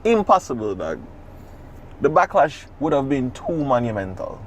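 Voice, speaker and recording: A man, co-hosting a podcast in casual chat, talking in an animated, profane, rambling way. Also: mid-range voice, normal speed, slight background noise. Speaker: podcast co-host.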